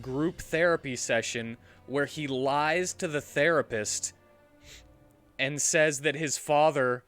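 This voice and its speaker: A man streaming a game, chatting casually and retelling a film in a halting, rambling way. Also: medium pitch, a bit bright. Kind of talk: casual chat while gaming. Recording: faint game music behind.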